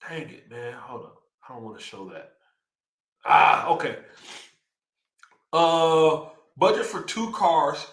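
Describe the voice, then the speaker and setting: On a livestream, a young man with a Texan accent chats with excitement in a bright, slightly high voice. He reads out numbers and riffs on them with lots of hype. The audio is echoey, as if recorded in a bare room.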